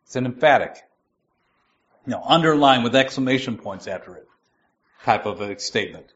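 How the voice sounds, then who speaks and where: Guy preaching a sermon, slow emphatic scripture reading, kinda muffled lo-fi sound. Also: mid-range voice, lively intonation, fairly bright tone. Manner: reads scripture slowly and deliberately, stressing key words.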